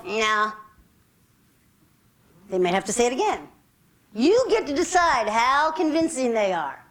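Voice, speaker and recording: A woman's voice: on the high side, low-quality recording. A woman self-defense instructor leading a group class with upbeat, directive instructions and playful asides.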